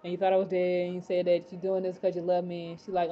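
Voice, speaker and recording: A woman casually recapping a TV episode, rambling with many fillers and excited exclamations. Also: on the low side, fast, few pauses, dull audio, a little hiss or hum. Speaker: TV episode reviewer.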